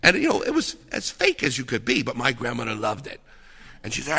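A man preaching a sermon, telling stories with lively asides and frequent "okay?" checks with the listeners. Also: medium pitch, fairly quick, vocal fry, breathy edge. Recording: long reverb of a large hall.

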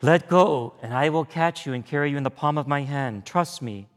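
A priest voicing God the Father in a joke, speaking in a calm, commanding, reassuring way, recorded in an echoey hall. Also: a little high, moderate pace, natural voice.

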